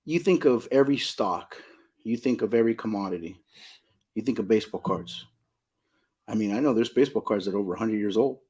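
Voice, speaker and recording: His voice sits fairly low, a little fast, darkish and breathy at the edges. A middle-aged man who owns a card shop in Southern California, he talks emphatically as a podcast guest in casual conversation, repeating points and asking "you know what I mean?"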